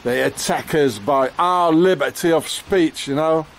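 Man, ranting outdoors, rambling and sweary, slightly high voice, faint traffic hum behind. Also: measured pace. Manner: angry, rambling, swears, fills with "you know" and "eh?". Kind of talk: rambling outdoor rant to camera. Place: outdoors in the rain.

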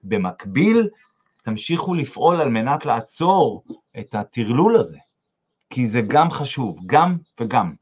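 A man's voice: mid-range voice, sing-song, rapid-fire, husky. A man giving earnest, emphatic advice in conversation.

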